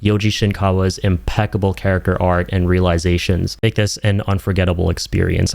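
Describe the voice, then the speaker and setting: A man's voice: lowish voice, creaky, a little mellow, dry recording. A young man giving an enthusiastic, emphatic video game review in casual, slangy talk.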